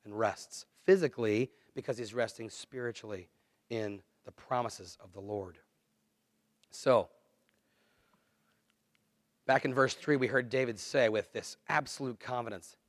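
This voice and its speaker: A man preaching a sermon, earnest and conversational, swinging between quiet, low asides and louder, emphatic lines. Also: unhurried, pauses often, no room sound, studio quality. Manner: earnest, conversational preaching with dramatic dips and swells. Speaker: pastor.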